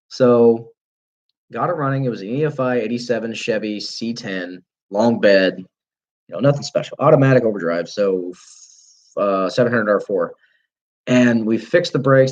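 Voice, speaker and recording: A young man hosting a livestream tells a long, rambling story casually, swearing plenty and correcting himself mid-sentence. His voice is mid-range, and the recording has its highs cut off.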